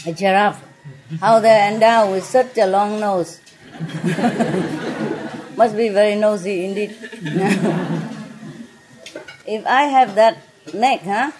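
A restaurant owner chats with guests at her table over dinner, joking and laughing often in non-native English sprinkled with French. Her mid-range voice moves slowly with frequent pauses, against a noisy dining room full of clinking dishes.

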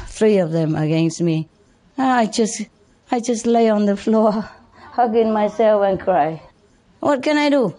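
An older woman, a spiritual teacher whose first language is Vietnamese, recalls her youth for a gathering of followers. She speaks in a chatty, unpolished way, with frequent light laughter and many fillers. Her pitch sits in a middle range. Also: slow pace, warm tone. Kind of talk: storytelling talk to followers.

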